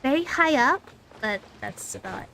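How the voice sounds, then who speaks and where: A woman trying out a very high-pitched voice for a gentle young woman figure. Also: animated, normal speed, creaky, a little hiss or hum, exaggerated voice, low-quality recording. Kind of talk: casual voice impression on a game stream.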